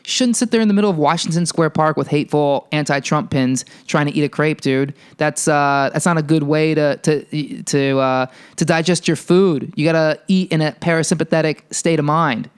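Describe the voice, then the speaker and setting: A man's voice: fairly high pitch, moderate pace, hardly any pauses, clean tone. Heated, profane male podcast ranter. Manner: heated, profane, animated storytelling. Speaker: podcast host. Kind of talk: ranting monologue.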